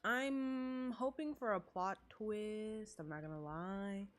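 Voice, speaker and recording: A woman's voice: medium pitch, slow. A woman giving casual, profane gameplay commentary in a playful tone. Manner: playful, profane, laughing asides. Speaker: gamer streamer.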